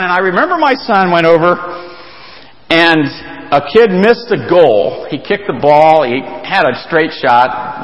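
A man preaching a sermon as a pastor, earnest and emphatic, his pitch leaping up to stress a point. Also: big-room sound, low-quality recording.

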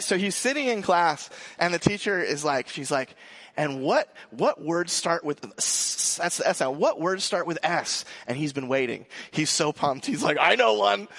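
A male pastor in his thirties giving a sermon, joking and telling a lively family story. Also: a little high.

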